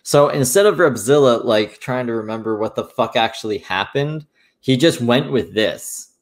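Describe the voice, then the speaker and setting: A man's voice: medium pitch, lively intonation, normal speed. A man streamer recounting online drama in casual, rambling commentary, swearing freely.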